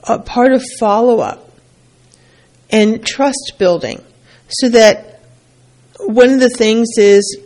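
A woman's voice: fairly high pitch, slow, pauses often, darkish tone. A woman working as a couples therapist, giving relationship advice in a plainspoken, conversational way and repeating key points for emphasis.

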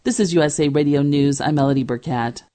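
A woman reads a radio news bulletin in a crisp, measured delivery. Her voice sits low for a woman and stays steady from story to story. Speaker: news anchor.

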